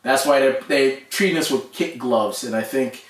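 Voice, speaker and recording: A man's voice: mid-range voice, normal speed. A man co-hosting a casual pop-culture chat, talking emphatically and often restarting his words. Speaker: co-host. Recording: roomy echo, mic at a distance.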